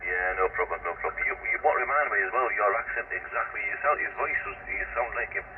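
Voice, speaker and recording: A man calling into an amateur radio net, chatting in a rambling, halting way over a distant radio link. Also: fairly low pitch, phone-quality sound. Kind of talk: casual radio chat. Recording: distant noisy radio transmission.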